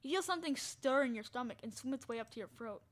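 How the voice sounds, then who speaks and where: A woman playing a text adventure, reading the story aloud in a hushed voice and breaking into loud, excited reactions. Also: sits high, fast talker. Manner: reads narration quietly, bursts into loud excited reactions. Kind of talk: casual let's-play narration.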